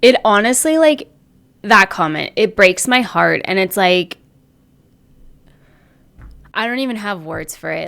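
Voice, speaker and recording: A woman hosting an online commentary show. She rants with indignant, emotional energy, with pauses and bursts of emphasis. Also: mid-range voice, animated, vocal fry, a bit bright. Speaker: commentary channel host. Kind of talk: reaction commentary.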